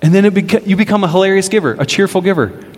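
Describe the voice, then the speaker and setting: A man preaching a sermon in a church, in a conversational style with lively storytelling. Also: sits high, very fast. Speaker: pastor. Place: church sanctuary. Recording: long reverb of a large hall.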